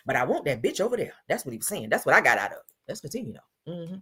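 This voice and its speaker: A woman's voice: lowish voice, huge pitch swings, quick pace, few pauses, bright, forceful tone, breathy edge. A woman giving blunt, profane, sassy commentary on reality TV for a stream, laughing often. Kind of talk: casual commentary on a livestream.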